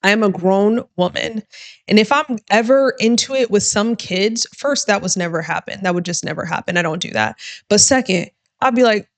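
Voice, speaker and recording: A woman's voice: medium pitch, measured pace. A woman lawyer giving reaction commentary on a true crime interview, blunt, sarcastic and emphatic.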